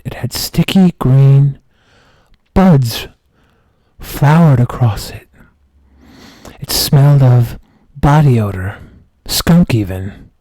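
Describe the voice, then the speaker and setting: A man streaming who tells a comic story with mock-dramatic, slow deadpan delivery. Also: medium pitch, no echo.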